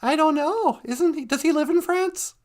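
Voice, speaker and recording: A woman's voice: sits high, normal speed, darkish tone. A woman with a Southern American accent co-hosting a casual livestream, asking playful, teasing questions. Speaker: co-host.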